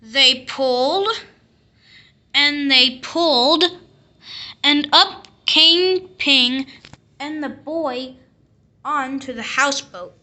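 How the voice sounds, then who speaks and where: A woman reading a classic picture book aloud, telling the story slowly and expressively. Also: high-pitched, sharp tone. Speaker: storybook reader.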